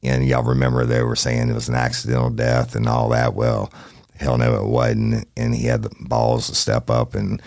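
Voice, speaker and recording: A man's voice: very deep voice, monotone, moderate pace, creaky, darkish tone, dry recording. A man hosting a true crime podcast in a studio, talking in a blunt, folksy way and swearing casually. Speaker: podcast host.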